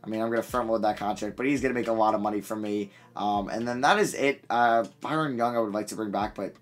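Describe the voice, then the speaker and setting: A man's voice: lowish voice, quick pace. A man giving casual gameplay commentary as a video creator, chatty and thinking aloud as he goes. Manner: chatty, thinks aloud, mild self-corrections.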